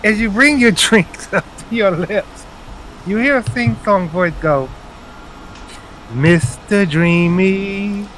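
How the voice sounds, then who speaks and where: A man's voice: high voice, expressive, measured pace, sharp tone, slight background noise, rough recording. A man running a tabletop role-playing game as game master, calling for dice rolls and setting the scene. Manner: leads the scene, calls for rolls.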